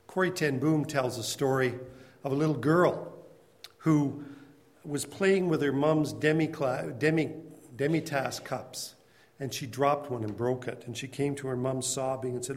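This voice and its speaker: Man, Bible class teacher, conversational storyteller, mid-pitched voice, reverberant hall. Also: unhurried. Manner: conversational storytelling, addresses class members by name.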